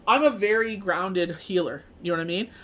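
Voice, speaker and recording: Woman medium just talking, rambly, lots of you know what i mean, middle pitch. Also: fairly quick, slight background noise. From Canada. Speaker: tarot reader and medium. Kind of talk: casual spoken monologue.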